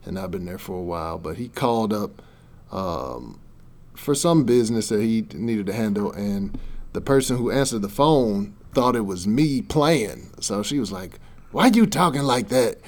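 A man co-hosting a podcast, chatting casually with teasing, animated storytelling. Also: fairly low pitch, moderate pace. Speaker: podcast co-host. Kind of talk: casual chat.

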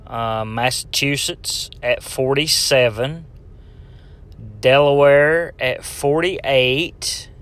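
A man's voice: mid-range voice, extremely slow, fairly bright tone. A man from Tennessee, hosting a casual solo podcast in a rambling, joking way and talking straight to the listener. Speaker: podcast host.

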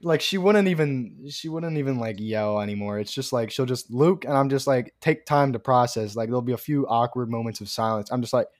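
A man's voice: medium pitch, fairly quick, hardly any pauses. A young man with a mid-range voice co-hosts a podcast in easygoing chat. He swears casually, laughs a lot, and mimics other people's voices as he tells stories. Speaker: podcast co-host.

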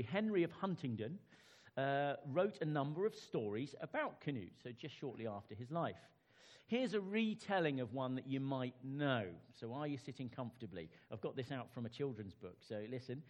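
A man preaching in a chatty, personal way. His pitch swings widely as he talks, and he keeps turning to his listeners with questions. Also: expressive, moderate pace, darkish tone. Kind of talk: sermon with read-aloud story.

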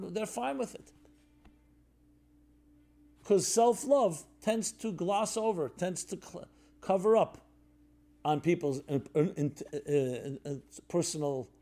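A man delivers a reflective, sermon-like talk in a conversational way, full of fillers and restarts. When he tells stories, his voice drops soft and low.

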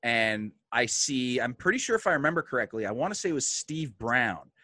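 A man hosting a podcast, telling a story in casual chat with animated delivery and plenty of swearing. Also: medium pitch, brisk, no echo, clean studio sound. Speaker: podcast host.

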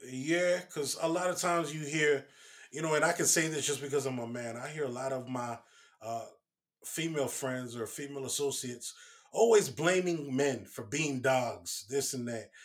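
A man's voice: medium pitch, normal speed. A man with a mid-range voice co-hosts a casual conversation and speaks earnestly. He gives relationship advice in a lecturing way. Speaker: co-host. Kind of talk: casual chat.

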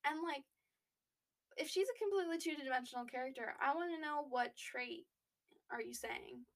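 A young woman with a high voice chats casually as a podcast co-host. She talks loosely, packing in fillers and restarting sentences as she goes. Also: normal speed, a bit bright. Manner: chatty, lots of fillers and restarts. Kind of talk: casual chat.

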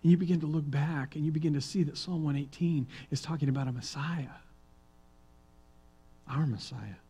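A male pastor preaching a sermon, reading psalms aloud and swinging between hushed, quiet reading and loud, emphatic proclaiming. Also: a little high, steady tone, fast, breathy edge, poor audio.

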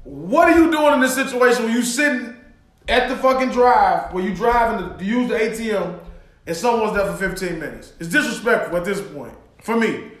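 Male podcast co-host, very high voice, animated storyteller, echoey room. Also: a little fast. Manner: animated, acts out quotes with shouted outbursts and profanity. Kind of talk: casual storytelling chat.

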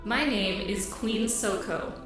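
A man's voice: high-pitched, takes it slowly, fairly bright tone, pitched above the performer's own voice. Guy doing a regal fish queen voice, formal and imperious, super echoey with music behind. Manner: stately, formal. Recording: heavy echo with music.

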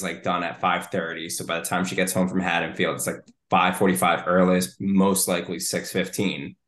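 Deep-voiced rambling man in an echoey room. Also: bright, forceful tone. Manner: rambling, detailed storytelling with many fillers. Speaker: podcast co-host. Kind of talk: casual podcast chat.

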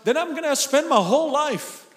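Male pastor, high voice, lively sermon delivery, bursts of laughter and shouts, echoing church hall. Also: moderate pace. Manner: animated, laughing and shouting for emphasis.

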